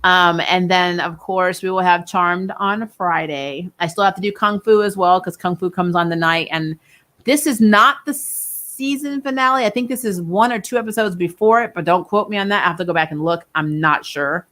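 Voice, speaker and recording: A chatty young woman with a fairly low voice runs a casual live-stream, answering viewers in loose, rambling sentences. She laughs often and leaves thoughts half-finished. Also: steady tone, moderate pace, a bit bright. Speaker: host of a TV review channel. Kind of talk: casual live-stream chat reading comments.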